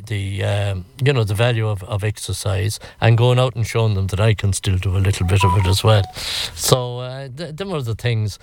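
A man's voice: fairly low pitch, a little mellow. An older Irish man telling stories from his past in a rambling, reflective interview. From Ireland. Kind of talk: reflective storytelling.

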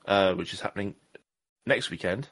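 A man's voice: low voice, normal speed, fairly bright tone. A man co-hosting a casual podcast, jokey and rambling, often stopping to correct himself. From Southwest England. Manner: jokey, rambling, self-deprecating. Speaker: podcast co-host. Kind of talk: casual chat.

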